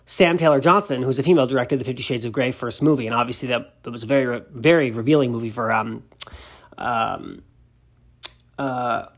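A man's voice: mid-range voice, a little fast. A man hosting a celebrity news show, chatty and gushing, reading out news stories with many asides. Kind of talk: casual gossip commentary, reading news aloud.

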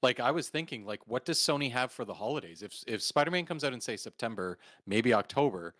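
A man's voice: mid-range voice, expressive, a little fast, a bit bright, no echo. A man co-hosting a gaming podcast, talking in a laid-back way in casual chat. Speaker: podcast co-host.

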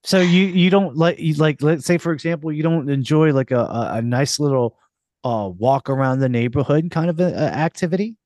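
A man hosting a casual interview in a studio, playful and halting with restarts. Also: fairly high pitch, darkish tone, dry recording. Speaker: podcast host. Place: recording studio.

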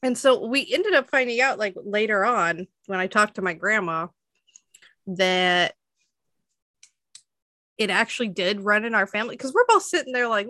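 A woman's voice: mid-range voice, expressive, normal speed, long pauses, bright, forceful tone, no echo, clean studio sound. A woman in her twenties telling a story in casual chat, full of fillers and laughing often.

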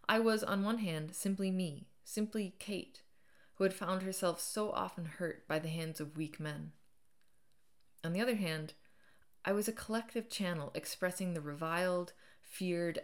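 A woman reading her own memoir aloud as an audiobook, dramatic, rising loud at times and falling nearly to a whisper. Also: on the low side. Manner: dramatic, swells loud and drops to near whisper.

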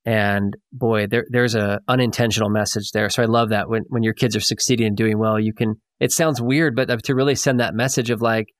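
A man's voice: lowish voice, fairly even intonation, brisk, hardly any pauses, dry recording, clean studio sound. A man hosting a podcast interview, talking in a reflective, affirming way with many fillers. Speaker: podcast host.

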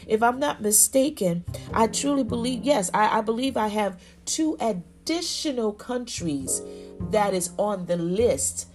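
A woman's voice: fairly high pitch, lively intonation, unhurried, darkish tone, soft background music. A woman hosting a faith podcast, talking effusively and exclaiming often, with frequent "you know" and "y'all". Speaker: podcast host.

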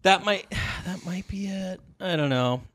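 A man's voice: sits high, measured pace, a bit bright, no room sound, soft background music. A young man co-hosting a casual chat, playful and jokey, laughing often.

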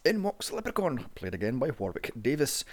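Sarcastic gravelly man reviewing films. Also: mid-range voice, sing-song, brisk. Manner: sarcastic and sweary. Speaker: movie reviewer. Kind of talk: casual movie review narration.

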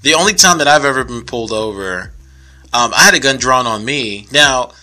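A man's voice: medium pitch, normal speed. A young man in casual podcast conversation, telling a story with laughs and acted-out voices. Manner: animated storyteller, laughs often, acts out voices.

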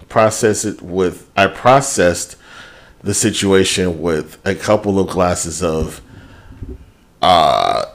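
A man's voice: fairly low pitch, a bit bright. A man co-hosting a podcast, chatting casually and candidly about his week, swearing freely as he talks it through. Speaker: podcast co-host. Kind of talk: casual chat.

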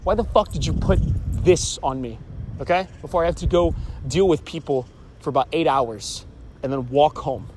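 A man's voice: on the high side, normal speed. A young man telling a story in an agitated, rambling rant, swearing often and restarting his sentences. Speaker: vlogger. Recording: noisy street background.

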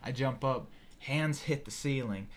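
A young man telling a wild personal story in casual podcast talk, animated and profane, with lots of "you know" and "like". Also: medium pitch, measured pace, slight background noise. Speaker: podcast guest.

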